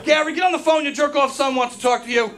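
A man voicing his exasperated mother who yells at and mocks her son. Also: high-pitched, steady tone, slow pace, crowd noise. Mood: scolding. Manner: yelling, mocking. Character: exasperated mother, loud and scolding.

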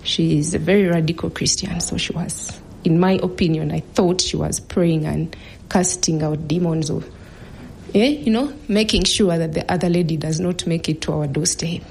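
A woman in her thirties telling a personal story in an earnest, measured way, now and then dropping to a hush. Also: sits low, steady tone, creaky, a little hiss or hum.

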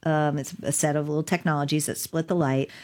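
A middle-aged woman with a notably low voice recounts events as an interview guest. She tells it in an animated way and laughs often as she goes. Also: a little fast. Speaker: digital rights lawyer. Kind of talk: storytelling in an interview.

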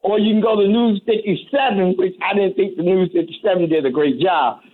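High-pitched reverend man on a radio call-in, earnest and heavy, keeps restarting, tinny phone sound. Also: fairly quick. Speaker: reverend and community advocate.

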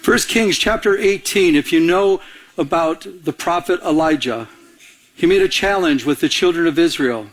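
A middle-aged male pastor with a high voice, delivering a lively sermon full of personal stories. He talks in an animated way, doubling back and repeating words as he goes. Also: moderate pace.

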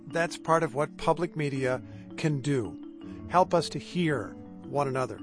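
A man's voice: on the high side, unhurried. A male radio host making a heartfelt, conversational fundraising appeal. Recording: music bed under voice.

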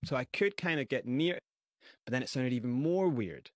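A man with a Scottish accent, a radio interview guest telling his life story in a vivid, animated way. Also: mid-range voice, moderate pace, no echo. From Scotland and South Africa.

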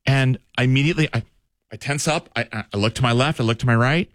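A man hosting a casual radio chat and telling stories with animated energy. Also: mid-range voice, no room sound. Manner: animated, quick storyteller. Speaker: radio host.

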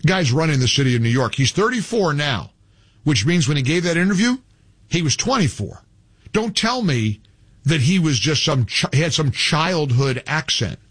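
A man's voice: a little high, sing-song, moderate pace, fairly bright tone, breathy edge, no echo. A man hosting a talk radio show, speaking emphatically with scornful, repetitive insistence. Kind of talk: opinionated talk radio monologue.

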